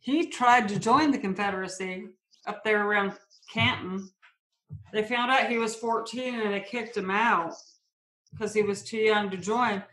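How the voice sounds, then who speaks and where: This podcast co-host is a woman with a mid-range, fairly bright voice who takes her time. She chats casually, blunt and opinionated, swearing freely, and the room she's recorded in is echoey.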